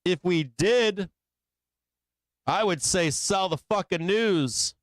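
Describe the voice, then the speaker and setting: A man's voice: sits high, slow pace, no room sound. A man hosting a live trading show, talking casually through chart analysis and tossing out rhetorical tag questions. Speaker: host.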